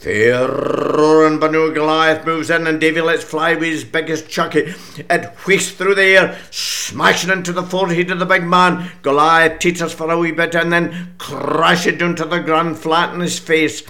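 An older Scottish man with a bright, forceful voice, chatting in a homely way. He clears his throat often as he tells a story in a radio interview. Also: a little high, steady tone, moderate pace. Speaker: author and broadcaster.

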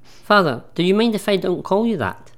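A man's voice: sits high, sing-song, normal speed. A man playing a doubting, cheeky disciple in a comic church sketch. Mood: hesitant. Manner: hesitant, cheeky. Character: doubtful grown male disciple. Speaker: radio station manager.

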